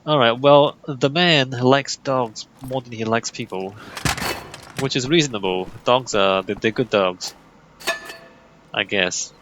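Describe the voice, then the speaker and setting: A man's voice: medium pitch, slow pace, dull audio, background noise. A young man giving casual, joking commentary over a game he is playing and reading in-game text aloud. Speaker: gaming channel host. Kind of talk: let's play commentary.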